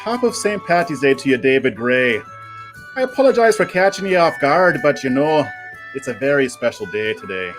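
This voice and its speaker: A livestream host putting on a hammy, teasing fake Irish accent, greeting viewers by name. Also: male voice, medium pitch, sing-song, normal speed, music in the background, natural voice, rough recording. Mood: jovial. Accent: put-on Irish. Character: jolly mock-Irish man, hammy and festive.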